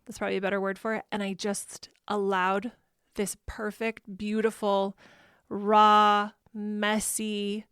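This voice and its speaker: Woman, podcast host, heartfelt and reflective solo talk, mid pitch, dry recording. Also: a bit bright, clear, resonant tone, no room sound. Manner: earnest, heartfelt, self-correcting.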